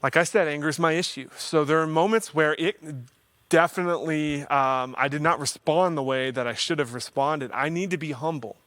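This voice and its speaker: A man hosting a counseling livestream offers faith-based advice in a relaxed, conversational teaching style, earnest but with a bit of self-deprecating humor. His voice is slightly high for a man, he talks at normal speed, and the sound is dry with almost no room echo.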